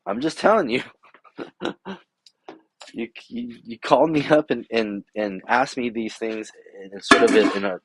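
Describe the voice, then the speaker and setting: Speaking a little slowly and with long pauses, a middle-aged vlogger in his home garage workshop rambles through a story, exasperatedly voicing both sides of an argument. His voice is on the low side, and background noise can be heard.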